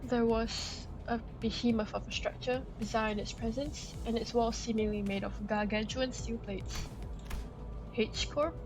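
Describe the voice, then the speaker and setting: A woman's voice: on the high side, steady tone, measured pace, poor audio. A woman streamer reading a game's story aloud and talking back to its characters. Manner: reads narration and scolds characters out loud. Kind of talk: game playthrough with read-aloud narration. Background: game music.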